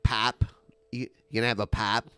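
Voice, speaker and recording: A man's voice: normal speed, smooth, no echo. A man with a Midwestern American accent, rambling through casual podcast chat with lots of fillers. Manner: rambling, lots of fillers, lively swings in pitch. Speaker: podcast co-host.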